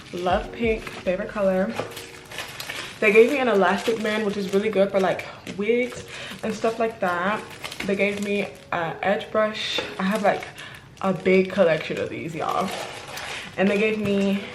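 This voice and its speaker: A young woman chats to her camera, lively and excitable, calling everyone y'all. Her voice sits at a middle pitch and rings in a roomy, echoey space. Music plays clearly behind her. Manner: chatty and excitable, addresses viewers as y'all. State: out of breath. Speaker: beauty vlogger. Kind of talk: casual vlog talk to camera.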